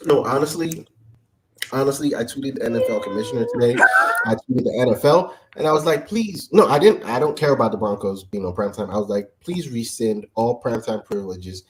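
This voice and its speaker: A man's voice: mid-range voice, animated, fast, noisy background. Joking man hosting a sports chat. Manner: joking, pushes the show along. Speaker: co-host.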